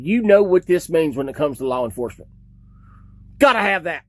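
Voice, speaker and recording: A man's voice: a little high, animated, brisk, long pauses, no echo. A man commenting on a video in a sarcastic, ranting manner.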